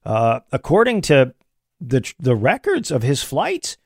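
A man giving opinionated political commentary in an animated way, with many restarts. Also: mid-range voice, measured pace, vocal fry, no echo, clean studio sound.

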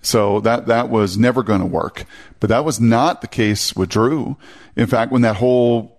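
Male sports talk analyst, fast and animated in casual chat. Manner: animated, rapid, mimics fans in a high voice.

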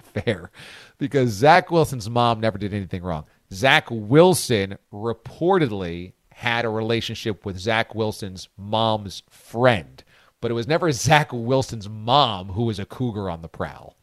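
A male sports radio host riffs with incredulous, jokey energy, his pitch swinging widely as he talks. The studio sound is dry and close, with no room echo. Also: lively intonation, unhurried. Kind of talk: sports talk radio banter.

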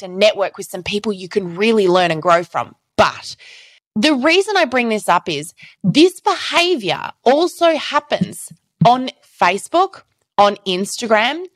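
Animated woman podcast host, lively pitch. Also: no echo. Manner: animated storytelling, acting out quoted messages. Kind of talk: solo podcast monologue.

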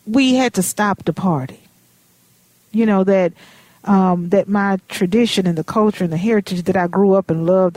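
A woman's voice: medium pitch, darkish tone, no room sound. A woman hosting a radio talk show, chatty and personal, calling her guest honey and baby. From Minnesota. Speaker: radio host.

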